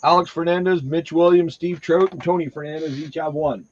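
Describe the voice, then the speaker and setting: Husky-voiced man chatting on a stream. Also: fairly high pitch, steady tone, a little fast, darkish tone, lo-fi sound. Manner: chatty, relays viewer comments. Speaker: card break co-host. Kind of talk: live stream chat.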